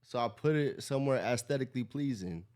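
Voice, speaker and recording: Man, reaction stream, lively swinging pitch, incredulous, profane. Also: fast talker. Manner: animated, incredulous, swears a lot. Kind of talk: casual reaction commentary.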